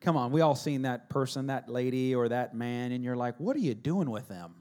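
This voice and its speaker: A middle-aged man preaching a sermon as a pastor, telling stories with humor and swinging between loud and hushed delivery. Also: mid-range voice, expressive, moderate pace.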